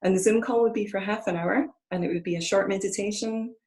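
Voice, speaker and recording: A woman's voice: medium pitch, fairly even intonation, fast, darkish tone, poor audio. A woman with a Scottish accent, a guest in a conversational interview, speaking earnestly and reflectively over a video call.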